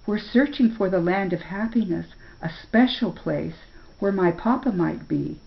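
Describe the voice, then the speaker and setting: A woman's voice: medium pitch, a little slow, creaky. An older woman voicing a timid young boy who stammers and hesitates. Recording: dull lo-fi recording.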